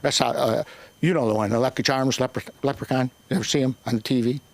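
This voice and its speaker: Older man doing gravelly stand-up. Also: medium pitch, fast. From Northern Ireland. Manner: profane, rambling, shouting bursts. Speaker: stand-up comedian. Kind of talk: open mic stand-up.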